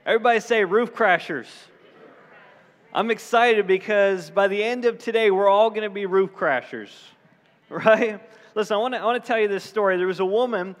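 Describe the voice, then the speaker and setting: A man preaching a sermon to a church congregation, telling a story with lively acted-out voices. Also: sits high, long reverb tail. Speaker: pastor.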